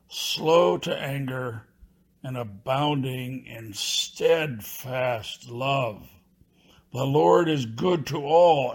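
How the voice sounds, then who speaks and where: A man reading scripture aloud in a measured, solemn way. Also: medium pitch. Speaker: scripture reader.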